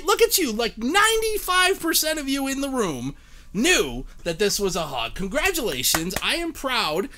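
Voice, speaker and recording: A man's voice: high-pitched, pushed and bright. A man in his thirties hosting a live-streamed game show, joking and chatting with viewers by name.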